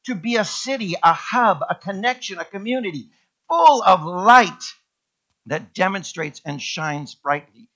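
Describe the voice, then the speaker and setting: A male pastor preaching a sermon in a church, emphatic and repeating key words with sweeping rises in pitch. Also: sharp tone, dull audio. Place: church sanctuary.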